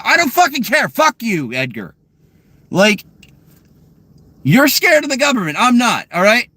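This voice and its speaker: A man's voice: high voice, dry recording. Profane, heated man ranting in a car. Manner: profane, heated, swings loud and quiet. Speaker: vlogger answering chat questions. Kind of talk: angry rant answering live chat.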